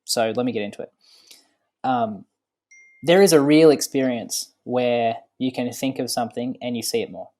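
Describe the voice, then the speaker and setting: A man who is a podcast guest, explaining ideas thoughtfully with many pauses and fillers. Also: medium pitch, a little mellow. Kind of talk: casual podcast conversation.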